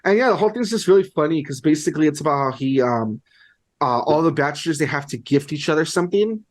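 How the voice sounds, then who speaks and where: Young man, podcast co-host, casual rambling chat, lots of "like", voice a bit high. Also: lively intonation, fast. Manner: rambling, heavy use of "like", amused.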